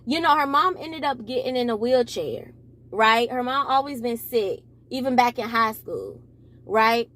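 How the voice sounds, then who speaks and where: Young adult woman, slight speech impediment; rambling, self-correcting commentary, a bit high-pitched. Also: measured pace, fairly bright tone. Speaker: commentary vlogger. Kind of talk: casual commentary monologue.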